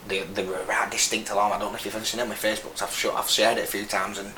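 A man's voice: lowish voice, flat delivery, rapid-fire, bright, forceful tone. A man in his thirties with a Lancashire accent, an army veteran guest telling his story frankly, rambling with many restarts. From Burnley, northern England. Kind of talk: casual interview. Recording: echoey room with faint noise.

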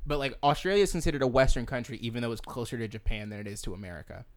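A man's voice: mid-range voice, racing, dry recording. A man co-hosting a podcast in casual chat, jokey and rambling, laughing often. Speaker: podcast co-host.

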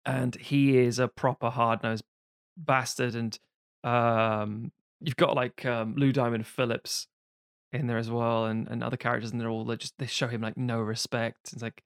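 A man, co-hosting a podcast, reviewing a film in casual, sweary, animated chat. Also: medium pitch, moderate pace, clear, resonant tone, dry recording, clean studio sound. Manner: sweary, animated retelling of scenes. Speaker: podcast co-host reviewing films.

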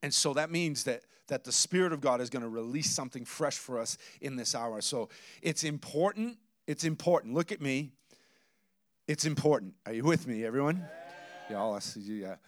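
A man preaching a sermon, telling stories with quoted dialogue and building to emphatic loud bursts, then dropping to low intense asides. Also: a little fast, dry recording, clean studio sound. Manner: storytelling with quoted dialogue and restarts. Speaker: pastor.

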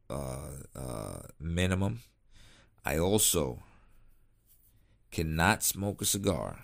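A man chatting casually on his vlog, laid-back and rambling, tired and yawning late at night. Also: rumbling low. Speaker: cigar vlogger. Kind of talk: casual chat.

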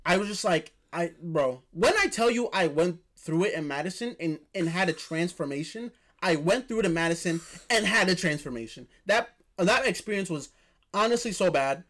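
Young man, casual storyteller, lively pitch, emphatic repeats. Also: normal speed. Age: young adult. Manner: animated, repeats phrases for emphasis.

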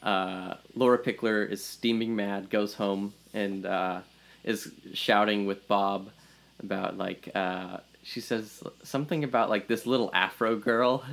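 A man's voice: on the low side, steady tone, measured pace, creaky, fairly bright tone, low-quality recording. Rambling male podcast co-host. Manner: rambling plot recap full of fillers. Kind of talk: casual movie review chat.

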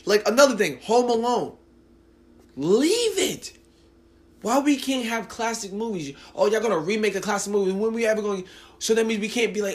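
On his solo podcast, a late-twenties New Jersey guy rants in an animated, fairly quick voice that sits high. The talk is casual, rambling and profane, with frequent restarts.

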